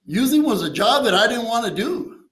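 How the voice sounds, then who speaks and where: A man's voice: very high voice, big pitch swings, moderate pace, fairly bright tone, roomy sound, low-quality recording. A man sharing his recovery story at a meeting, streetwise and profane, tossing in "you know" and "right?". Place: meeting room.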